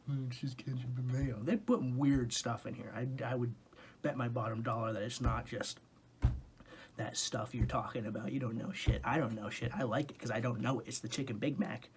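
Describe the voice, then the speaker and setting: A young man reviewing fast food in a rambling, comic monologue, going off on tangents and swearing in rants, recorded in a dim room. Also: mid-range voice, slight background noise.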